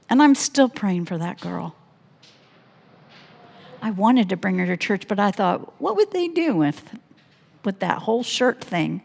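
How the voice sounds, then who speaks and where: A woman pastor telling a personal story in a sermon, animated and laughing often as she speaks. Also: a little high, vocal fry. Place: church sanctuary. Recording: long church hall reverb.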